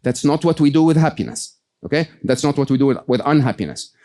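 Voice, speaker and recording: Mellow-voiced man giving a motivational talk. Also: on the high side, fast. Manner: animated, peppers with "okay?" and "right?". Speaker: guest speaker. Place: stage before a live audience.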